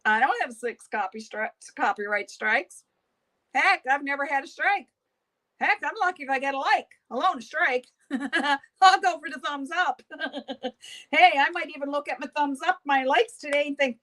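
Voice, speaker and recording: A woman's voice: high voice, normal speed, fairly bright tone. A woman hosting a beauty livestream, chatting casually with viewers while doing her makeup, gossipy and often laughing.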